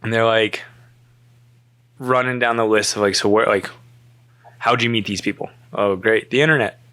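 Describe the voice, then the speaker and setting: Animated, laughing man telling a story. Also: on the low side, normal speed. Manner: animated, acts out quoted dialogue, laughs often. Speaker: storyteller guest. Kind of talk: casual storytelling chat.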